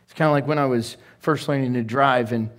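A man's voice: mid-range voice, steady tone, brisk. A middle-aged male pastor preaching a sermon in a conversational way, with laughing asides and growing emphasis.

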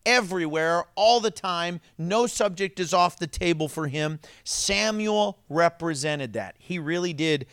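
A male pastor delivering a sermon, telling stories with laughter and dropping to a hush for emphasis. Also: fairly high pitch, unhurried, few pauses, clear, resonant tone, dry recording, studio quality. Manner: animated storytelling with laughs and sudden drops to a hush.

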